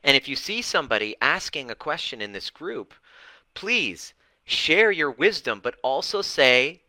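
Fired-up, blunt man with very bright voice. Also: a little high, sing-song, measured pace, no room sound, poor audio. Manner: passionate, blunt, swears for emphasis; dramatic, fired up. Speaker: relationship and healing coach. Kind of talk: livestream talk to an online group.

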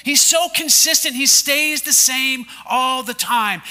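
A man's voice: extremely high pitch, animated, moderate pace, hardly any pauses, pushed and bright. A man preaching a sermon to his congregation in a church, emphatic and repetitive, often asking the listeners to say lines back with him. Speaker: pastor. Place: church sanctuary before a congregation.

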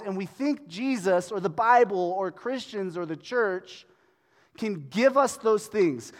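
High-voiced man preaching in a reverberant hall. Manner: conversational, checks in with "right?" and "okay?". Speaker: pastor. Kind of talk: sermon. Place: church hall.

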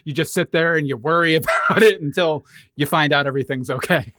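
A man's voice: on the high side, fairly quick, bright, forceful tone, no echo, studio quality. A man hosting an interview podcast, asking questions in an easygoing way and laughing along. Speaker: podcast host. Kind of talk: casual interview chat.

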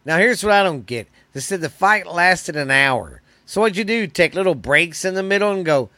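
A man's voice: high-pitched, expressive, moderate pace, sharp tone, dry recording. A man hosting a podcast, telling news stories in a loose, profane, rambling way. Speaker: podcast host. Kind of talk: casual podcast chat.

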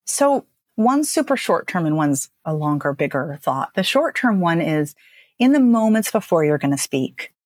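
Animated woman speech coach, lowish voice. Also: normal speed, no room sound, clean studio sound. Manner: animated, emphatic, lots of "right?". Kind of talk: podcast interview guest.

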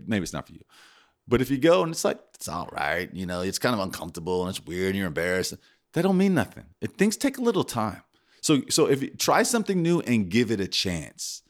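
A young man in casual podcast chat, telling stories and acting out his own reactions. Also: mid-range voice. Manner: animated storyteller, acts out his own reactions. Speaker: podcast co-host.

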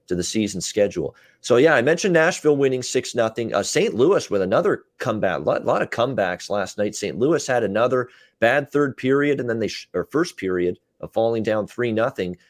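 A man co-hosting a sports betting podcast, recapping games in casual chat with frequent filler pauses and a North American accent. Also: medium pitch, expressive, no echo, studio quality. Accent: North American English. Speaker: podcast co-host, betting analyst.

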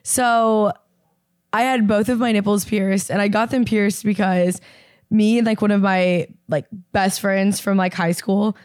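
A woman's voice: medium pitch, steady tone, a little slow, a little mellow, no room sound, studio quality. A woman in her twenties from Indiana, chatting casually as a podcast co-host and telling a story with lots of fillers and swearing. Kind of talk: casual chat.

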